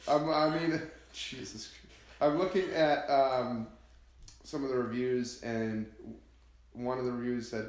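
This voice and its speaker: A man's voice: mid-range voice, fairly even intonation, slow, pauses often. A man co-hosting a casual podcast, leading the segments with joking banter. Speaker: podcast co-host. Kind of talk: casual chat. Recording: roomy echo.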